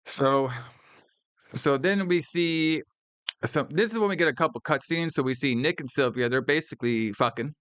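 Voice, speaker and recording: A man's voice: a little high, moderate pace, fairly bright tone, clean tone, no room sound. Profane, laughing male podcast co-host. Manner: profane, laughing, acts out movie lines in quotes. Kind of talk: casual movie recap chat.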